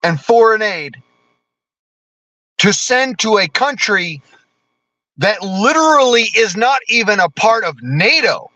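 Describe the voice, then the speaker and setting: A man's voice: sits high, sing-song, slow, long pauses, sharp tone, no echo, low-quality recording. An American man delivering a profane, blunt political rant as a vlogger, cursing constantly and talking combatively.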